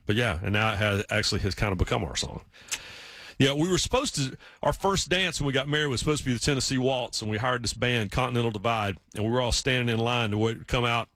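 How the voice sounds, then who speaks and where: A man telling casual stories in a relaxed chat, acting out the voices of people he quotes. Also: mid-range voice, fast, dry recording. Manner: storytelling, acts out quoted voices.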